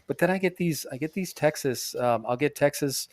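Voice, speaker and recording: A man's voice: fairly high pitch, moderate pace, no room sound, studio quality. A man co-hosting a podcast in casual chat, rambling, swearing a lot and laughing often, talking from a bathroom. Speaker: podcast co-host.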